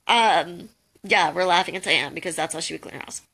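A woman's voice: on the low side, brisk, sharp tone. A young woman giving casual advice on a live call, chatty and jokey, full of "um" and "like". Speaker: host of a social media tips call.

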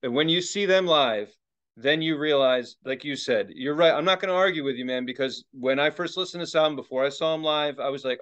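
A middle-aged man co-hosting a podcast in casual chat, excitable and rambling, swearing often and restarting his sentences. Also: on the high side, fairly quick. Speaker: podcast co-host. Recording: dull lo-fi sound.

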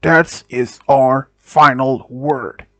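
A man's voice: medium pitch, animated, measured pace, husky, no echo. A man playing a stern angry father.

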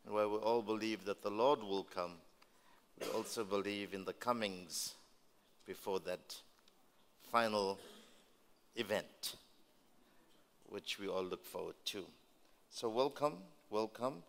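A man's voice: fairly low pitch, a little slow, long pauses. A man leading a ministry school session, preaching emphatically and repeating phrases to the crowd. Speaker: pastor hosting a ministry school. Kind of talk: preaching welcome address. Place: large church hall. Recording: long hall reverb.

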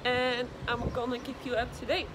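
A woman's voice: a little high, level tone, normal speed. A young woman vlogging about her racing in a casual, chatty, giggly way; English is not her first language. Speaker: vlogger and racer. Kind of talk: casual vlog chat. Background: loud music.

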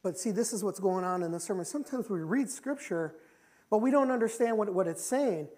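A man's voice: high voice, expressive, brisk. Impassioned male pastor preaching a sermon. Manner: impassioned, repetitive, swings between loud and soft; confessional, quiet when telling his own story.

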